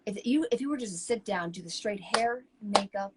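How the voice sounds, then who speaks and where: A woman co-hosting a talk show, telling stories in a lively, chatty way. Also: medium pitch, fairly quick, very noisy. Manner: animated, chatty, acts out quoted people. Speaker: co-host. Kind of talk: casual chat, personal storytelling.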